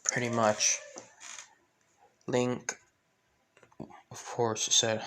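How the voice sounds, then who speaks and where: A man narrates a fan story in a rambling way, filling gaps with "pretty much" and restarts. His voice stays flat and level at a middle pitch. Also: unhurried, long pauses, a little hiss or hum. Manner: rambling, full of fillers.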